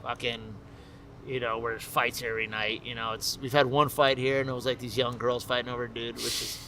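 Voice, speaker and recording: A man who owns a brewery, telling stories casually in an interview, relaxed and profane, laughing as he talks. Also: medium pitch, brisk, slight background noise. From Miami, USA. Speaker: brewery owner, interview guest. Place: his brewery.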